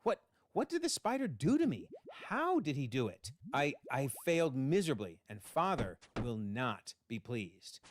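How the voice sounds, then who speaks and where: A man's voice: mid-range voice, big pitch swings, normal speed, few pauses, close to an everyday voice. A man voicing a tormented young male psychic villain who speaks in pained, shaken outbursts, read aloud over a noisy home recording.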